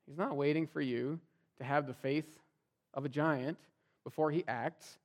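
A man's voice: a little high, fairly even intonation, a little slow. A man preaching a sermon as pastor, talking to the congregation in a conversational way and acting out what people might say. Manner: conversational preaching, acts out quoted voices.

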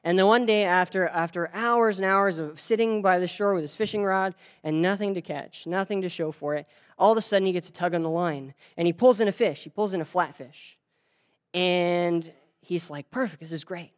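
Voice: medium pitch, moderate pace. A preacher tells a story during a sermon in a loose, conversational style. The speaker talks straight to the listeners, often stumbling over words and restarting sentences. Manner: conversational, many restarts and fillers; addresses the audience directly.

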